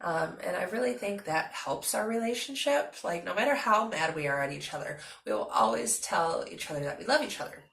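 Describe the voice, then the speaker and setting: A young woman talks to her viewers in a chatty, animated way, her pitch swinging widely. Her voice is bright with a gravelly edge. The sound is echoey, as if she is in a bare room. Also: fairly quick, hardly any pauses. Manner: chatty, animated and talkative, with frequent fillers. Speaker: vlogger. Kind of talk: casual storytelling vlog.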